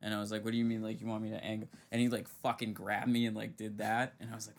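A young man hosts a loose, casual chat, spinning slangy and profane stories. His voice sits low with a gravelly rasp at the ends of his phrases. He acts out the people in his stories as he goes. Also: flat delivery, quick pace, hardly any pauses. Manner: slangy and profane, storytelling with acted quotes. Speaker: podcast host.

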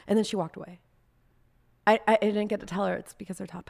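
A woman's voice: mid-range voice, quick pace. A young woman, a guest artist, telling long, rambling, self-deprecating stories in a casual chat. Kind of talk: casual storytelling.

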